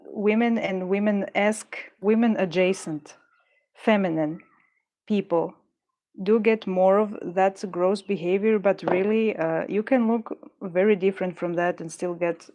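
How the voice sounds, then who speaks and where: A woman's voice: mid-range voice, unhurried, mellow, dull audio. A woman chatting casually while she makes jewelry, rambling and talking herself through her frustration as she works. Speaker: jewelry maker streaming her work. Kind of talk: casual chat while crafting.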